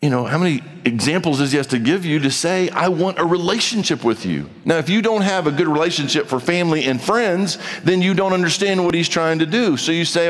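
A man preaches a sermon in a casual, conversational way, reading scripture aloud and acting out little exchanges with growing emphasis. His voice sits a bit high for a man. The sound carries a long reverb, as from a large church hall. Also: expressive, fairly quick, few pauses. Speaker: pastor.

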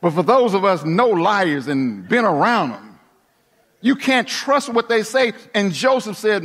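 A man preaching a sermon, dramatic, dropping to a hush and then rising to emphatic points. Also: sits high, sing-song, unhurried. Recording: long hall reverb.

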